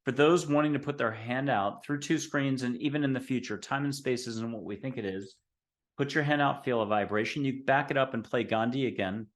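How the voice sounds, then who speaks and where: A man's voice: medium pitch, a little fast. Rambling, upbeat male talk show host. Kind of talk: casual talk show hosting.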